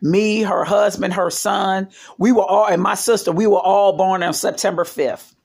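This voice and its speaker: A woman's voice: mid-range voice, fairly even intonation, moderate pace, creaky, a little mellow, breathy edge. A woman vlogger telling family stories in a rambling, casual way, with many fillers and side remarks. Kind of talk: casual storytelling vlog.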